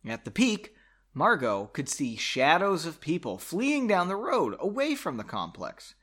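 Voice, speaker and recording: A man reads his own novel aloud with a bright, lively voice that swings widely in pitch. He keeps breaking off to poke fun at his own sentences and word choices. His voice sits a little high for a man. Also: a little slow, breathy edge. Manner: self-mocking, stops to comment on his own writing. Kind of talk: reading aloud with chatty asides.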